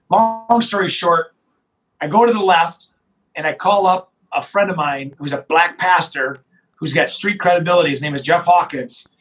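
A middle-aged man, a sheriff recounting a tense moment in an interview. His voice sits high for a man, and he talks with insistent emphasis, often doubling back on his own words. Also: rough recording. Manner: emphatic, animated retelling with restarts. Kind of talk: interview storytelling.

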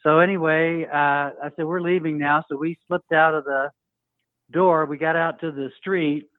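Male caller, lively storyteller on a tinny phone line, dry sound. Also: a little high, moderate pace, dry recording. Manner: storytelling, acts out quoted voices. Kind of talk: telling a personal story.

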